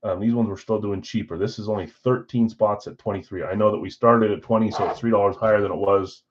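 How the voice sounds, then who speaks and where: A man's voice: fairly low pitch, steady tone, fast. A man hosting a live stream card break, chatting casually and thinking aloud as he opens packs. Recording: dull lo-fi stream audio.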